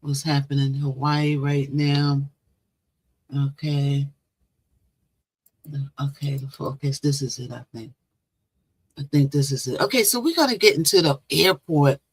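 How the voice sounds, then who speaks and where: A woman's voice: low-pitched, a little slow, long pauses, slightly rough. A woman hosting a casual live stream, chatting and repeating herself as she greets viewers. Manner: chatty, repeats phrases, talks to viewers directly. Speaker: livestream host.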